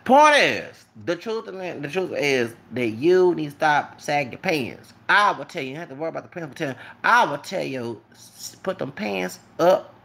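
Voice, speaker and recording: A man's voice: fairly high pitch, very animated, moderate pace, gravelly, hardly any pauses, sharp tone. A man, rambling in a casual vlog monologue and often asking "okay?". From Texas. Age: late 30s.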